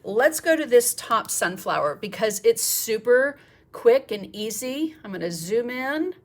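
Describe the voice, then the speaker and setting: A woman's voice: a little high, big pitch swings, measured pace. A middle-aged woman, teaching a live painting demonstration in a chatty, encouraging way and thinking aloud as she paints. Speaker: art teacher.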